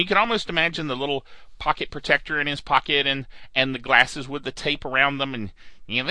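A man's voice: medium pitch, pushed and bright, no echo. A man hosting a podcast in casual, rambling chat, joking and drifting off track before finding his way back. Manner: jokey, wanders off track and back. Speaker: podcast host.

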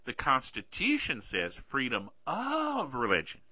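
A man hosting a podcast in a casual, sarcastic tech-news chat, bothered by a sore throat and clearing it often. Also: medium pitch, huge pitch swings, measured pace, pushed and bright, dry recording. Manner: chatty, sarcastic, keeps asking "okay?". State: throat trouble, keeps clearing his throat. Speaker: podcast host. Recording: dull lo-fi dry recording.

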